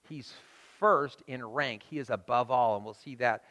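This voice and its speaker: A man preaching a sermon to his congregation in a lively, conversational way, often asking them "right?". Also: mid-range voice, unhurried, highs cut off. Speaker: pastor.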